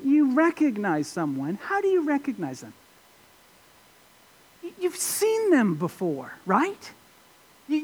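A man preaching a sermon, expressive, asking his listeners rhetorical questions. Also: very high-pitched. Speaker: pastor.

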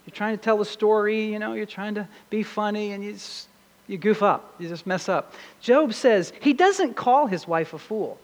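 High-voiced preaching man in a reverberant hall. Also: moderate pace. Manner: earnest, preaching with emphatic swells. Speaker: pastor. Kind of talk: sermon.

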